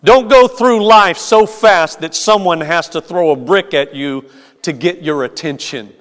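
A man preaching as a pastor, telling a story in a slow, measured way with hesitant fillers. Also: on the high side, a bit bright. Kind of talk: sermon with storytelling. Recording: long hall reverb.

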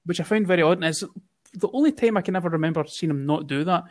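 A man co-hosting a podcast in casual chat, excitable and gushing, swearing freely. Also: high-pitched, fast talker. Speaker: podcast co-host.

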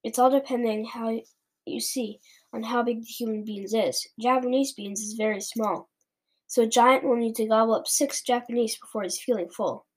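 A woman's voice: on the high side, fairly even intonation, normal speed, natural voice. A woman voicing a big, kindly male giant who mangles his words, in a storybook read-aloud. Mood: earnest. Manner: mangles words, gentle and earnest.

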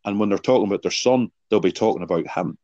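Male podcast guest, low and deep, earnest explainer, dry, muffled sound. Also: quick pace, mellow, no echo. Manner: earnest, explanatory, poses rhetorical questions. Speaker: guest, sports psychology author. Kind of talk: podcast interview answers with anecdotes. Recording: dull lo-fi sound.

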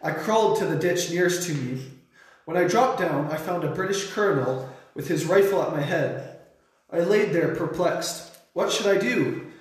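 A young man earnestly reading his own short story aloud, lifting his voice sharply for shouted lines. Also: on the high side, normal speed. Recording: very echoey room.

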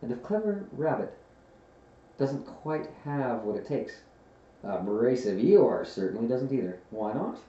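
A man reading a book aloud with an expressive storytelling manner, recorded on a headset mic. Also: medium pitch, unhurried. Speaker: reader. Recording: roomy, distant, dull lo-fi headset recording.

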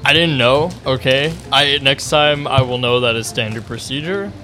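Exasperated young guy, mid-pitched. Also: moderate pace, sharp tone, faint music behind. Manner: defensive, exasperated. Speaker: podcast co-host. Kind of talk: casual banter.

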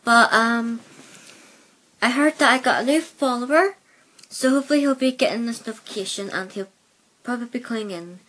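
A woman's voice: fairly high pitch, fairly quick, fairly bright tone. A woman from Northern Ireland with a mixed Belfast and Plymouth accent, hosting a casual solo podcast on a headset mic, rambling hesitantly with many fillers. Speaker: podcast host.

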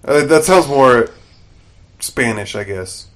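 This podcast co-host has a mid-range voice and a slow pace. He casually recaps a TV episode in an animated way, voicing the characters' lines along the way.

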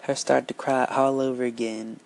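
A storyteller reads a folk tale aloud in an unhurried, lilting way, switching voices for each character. The voice is mid-range with little pitch movement and a creaky quality, on a low-quality recording.

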